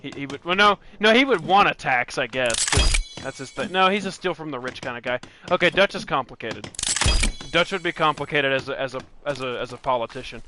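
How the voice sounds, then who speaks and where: A young man hosting a gaming channel talks casually while he plays a let's-play, rambling, restarting sentences and laughing a lot. His voice is a little high, animated and a little fast, with noise in the background.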